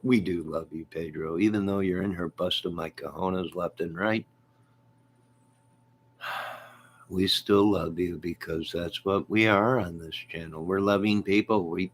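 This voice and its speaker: A man's voice: low voice, fairly bright tone. A man hosting a movie and music channel, chatting casually in a rambling, joking way. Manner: joking, repetitive, laughs often.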